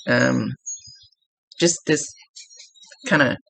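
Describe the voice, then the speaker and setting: A woman's voice: very deep voice, drawn-out words, vocal fry, fairly bright tone, slightly rough, low-quality recording. A woman psychic medium giving a casual spoken reading, chatty and explanatory with folksy asides.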